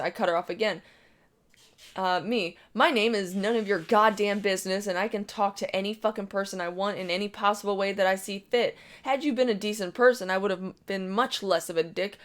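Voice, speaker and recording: Brash woman reading a story aloud. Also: mid-range voice. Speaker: story reader.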